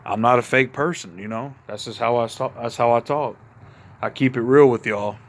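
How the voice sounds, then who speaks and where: A Mississippi man with a Southern accent chats casually into his phone camera in his backyard at night, a little tipsy after a couple of beers. His voice is medium-pitched and moderately paced. A laid-back, rambling vlogger, he calls his viewers y'all in this easygoing outdoor talk to camera.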